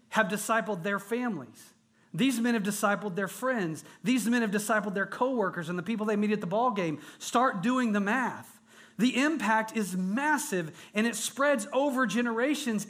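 A male pastor delivers a sermon with an unusually high-pitched voice. He speaks with earnest emphasis, piling up repeated phrases to drive his points home to a room of men. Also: fairly bright tone. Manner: earnest, emphatic preaching with rising intensity and repetition. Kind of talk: sermon to a men's gathering.

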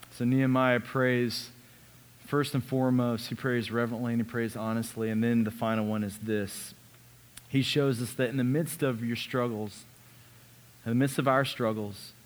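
A man preaching a sermon as a pastor, earnest, sometimes dropping his voice to a hush on key lines. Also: medium pitch. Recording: long reverb of a large hall.

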